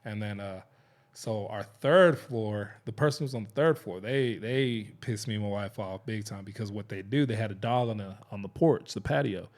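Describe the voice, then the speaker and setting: A man's voice: on the low side, normal speed, a little mellow. A man hosting a podcast, telling stories in a loose, rambling way with many restarts. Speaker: podcast host. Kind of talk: casual chat.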